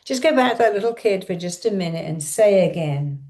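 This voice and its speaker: A woman's voice: medium pitch, expressive, a little fast, few pauses, darkish tone, echoey room. A woman leading a guided affirmation exercise as a self-help coach, giving emphatic, repetitive, coaxing instructions.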